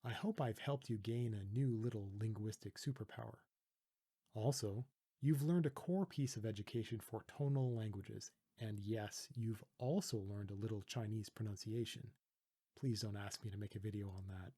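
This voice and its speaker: A Canadian man from Toronto calmly teaching letter sounds, patiently demonstrating pronunciation with a close mic. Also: fairly low pitch, slightly rough. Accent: Canadian English. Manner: calm, patient, deliberate demonstrating. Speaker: language teacher. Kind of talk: pronunciation tutorial.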